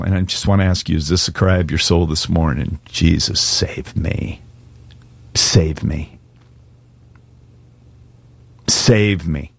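A man preaching a sermon as pastor, earnest and pleading, slowing and speeding up for emphasis as he calls listeners to respond. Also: deep voice, creaky, breathy edge, no echo. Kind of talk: sermon with altar call.

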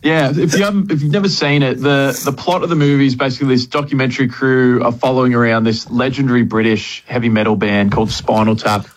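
A man's voice: medium pitch, fairly even intonation, fast, hardly any pauses, poor audio. Man explaining a movie enthusiastically. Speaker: film reviewer. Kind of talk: casual radio chat.

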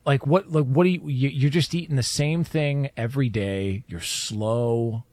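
A man's voice: mid-range voice, unhurried, darkish tone, no echo. A man in casual chat who talks animatedly, stammers and restarts his sentences.

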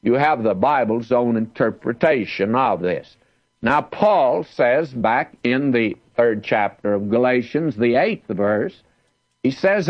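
A man's voice: mid-range voice, lively intonation, slow pace, dry recording, highs cut off. A man teaching the Bible verse by verse, reading scripture aloud with emphasis.

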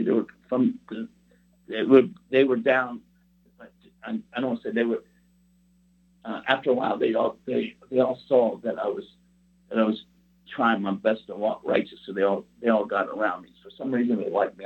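A man's voice: on the low side, slightly rough. A man preaching a personal testimony in an earnest, rambling storytelling way. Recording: tinny phone-like sound.

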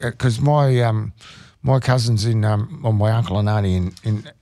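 A middle-aged man with an Australian accent, telling rambling stories on air, halting with many restarts and fillers. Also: lowish voice, steady tone, mellow, no echo. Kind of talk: casual storytelling on radio.

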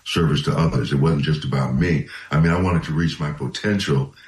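An older man being interviewed as a radio guest, with a deep, resonant voice, speaking in a measured, reflective way with small restarts. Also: roomy sound, rough recording.

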